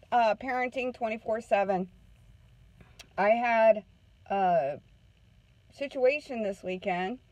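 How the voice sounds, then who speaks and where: A parenting counselor gives a casual morning talk, chatting through a story and checking in with listeners by repeatedly asking "okay?". Her mid-range voice is a little mellow, recorded close, dry, and rough.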